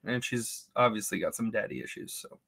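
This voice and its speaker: A man co-hosting a book podcast, laid-back and quick to laugh, giving short replies, recorded in a small closet. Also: lowish voice, expressive, creaky, fairly bright tone, breathy edge. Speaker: podcast co-host. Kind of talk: casual podcast chat.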